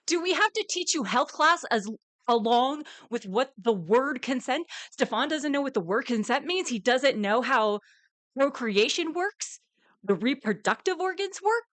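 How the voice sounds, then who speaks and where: A woman's voice: sits high, lively intonation, measured pace, a bit bright, no echo. Angry ranting woman streamer, dry sound. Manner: angry, ranting, swearing, with bursts of laughter. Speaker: live reaction streamer. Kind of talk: live reaction commentary.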